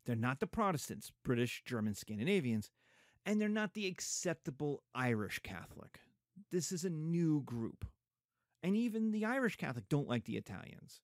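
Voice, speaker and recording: Animated man lecturing, lively pitch. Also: moderate pace, no echo, studio quality. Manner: animated, mocking asides in put-on voices. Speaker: history lecturer.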